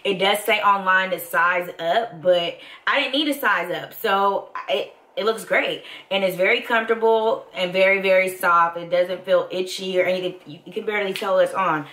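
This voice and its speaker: An excitable woman, chatting casually to viewers while unboxing beauty products. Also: medium pitch, moderate pace, few pauses. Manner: animated, excitable, addresses viewers as y'all. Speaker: beauty vlogger. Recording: echoey room.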